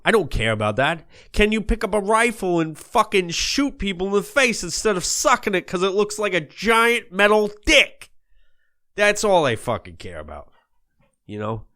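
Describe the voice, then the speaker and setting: A man's voice: fairly high pitch, fairly bright tone. A man hosting a comedy podcast in character, ranting in a profane, rambling monologue.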